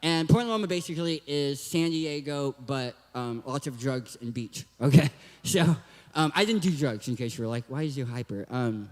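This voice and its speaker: A young man from Southern California gives a joking, hyper youth talk at a church. His voice is high and his speech has a cartoon-like lisp. A long hall echo trails his words. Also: lively intonation, moderate pace, darkish tone. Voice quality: lisping, cartoon-like voice. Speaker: guest speaker.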